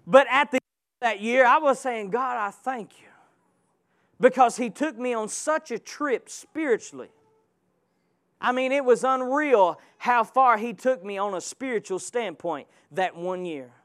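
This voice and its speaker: Male preacher, very high voice, impassioned sermon delivery with call-outs to the congregation. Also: animated, a little slow, fairly bright tone.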